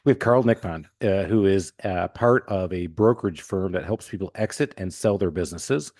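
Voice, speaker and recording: A man hosting a podcast, telling stories in a lively, joking way. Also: low voice, moderate pace, no echo, studio quality. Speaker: podcast host. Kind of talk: casual podcast conversation.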